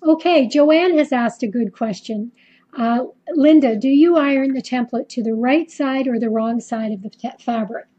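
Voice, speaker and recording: Canadian lady teaching quilting live, higher voice, mellow and a bit husky, muffled stream audio. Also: normal speed. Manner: chatty, many ums and restarts. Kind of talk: casual live-stream tutorial.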